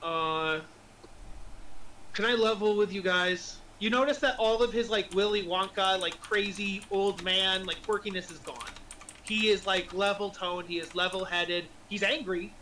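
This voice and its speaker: Dude running a tabletop game, chatty, lots of ums and laughs, faint hiss behind. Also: male voice, high voice, steady tone, moderate pace, pushed and bright, rough recording. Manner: chatty, laughs a lot, many fillers. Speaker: game master.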